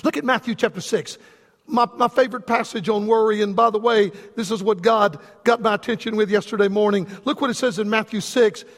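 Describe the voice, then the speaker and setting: Man, preacher, very high voice, fervent repetitive delivery, long hall echo. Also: fairly quick. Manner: impassioned, repetitive preaching cadence. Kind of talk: sermon. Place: church sanctuary. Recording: long reverb from a large hall.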